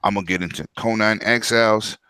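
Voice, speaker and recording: A man's voice: fairly low pitch, a little fast, pushed and bright, clear, resonant tone, no room sound. A man from New York co-hosting a casual podcast, making points in an emphatic, argumentative way. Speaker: podcast co-host.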